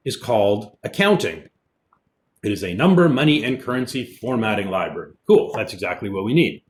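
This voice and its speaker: A man's voice: medium pitch, slight background noise. Man teaching a coding class. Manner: relaxed, explanatory, thinks aloud with fillers. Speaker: college programming instructor. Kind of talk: recorded online lecture with screen demo.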